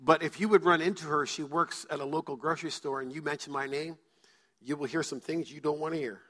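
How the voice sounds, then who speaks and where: A man's voice: on the high side, steady tone, fairly quick, sharp tone. A male pastor preaching a sermon to his church, telling stories and acting out quoted voices. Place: church sanctuary. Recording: church hall reverb.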